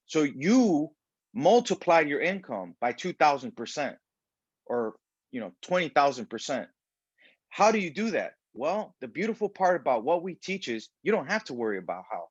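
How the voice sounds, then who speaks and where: A man's voice: a little high, big pitch swings, normal speed, slightly rough, no room sound. A man working as a life coach gives a casual, rambling motivational talk on a group call. He fills it with "you know" and "right?" and acts out the voices of people he quotes. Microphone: video call. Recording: dull, dry call audio.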